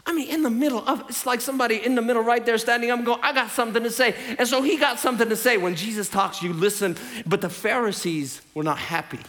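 A man with a Southern US accent from Tennessee, preaching an animated sermon with playful storytelling asides. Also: very high voice, fast, hardly any pauses. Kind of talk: lively sermon. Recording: reverberant hall.

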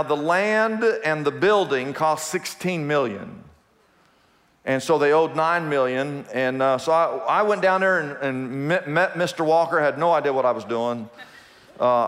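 A man's voice: a little high, fairly bright tone. A man preaching as pastor, telling a story in his sermon and asking the congregation questions. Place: church sanctuary. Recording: long reverb of a large hall.

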